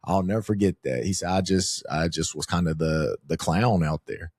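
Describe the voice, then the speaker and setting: A man's voice: deep voice, normal speed, slightly rough, no echo, clean studio sound. A man hosting a podcast, casually chatting and often interjecting with agreement. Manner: lively, affirming, interjects often. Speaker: podcast host. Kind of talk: casual conversation.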